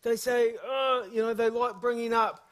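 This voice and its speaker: Energetic New preacher with a high voice. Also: male voice, normal speed. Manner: storytelling, humorous and energetic. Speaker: guest preacher. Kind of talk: sermon.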